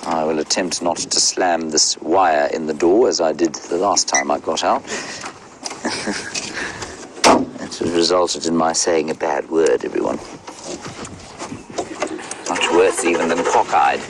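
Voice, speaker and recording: A man's voice: deep voice, background noise. A middle-aged man working as a safari guide, chatting live outdoors in a wry, wordy way and answering viewer questions. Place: outdoors in the bush beside a safari vehicle.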